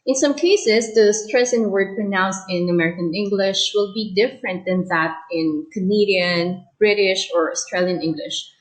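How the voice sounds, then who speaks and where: A woman teacher talks through an English lesson in a clear, explanatory way. Her voice sits at a middle pitch. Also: normal speed, hardly any pauses, low-quality recording. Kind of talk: recorded online lesson.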